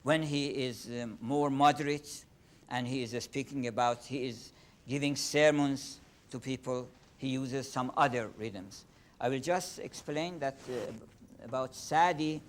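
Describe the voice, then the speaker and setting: Older man, Persian-accented lecturer. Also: mid-range voice. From Iran. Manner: halting, many fillers and restarts. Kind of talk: lecture on poetry.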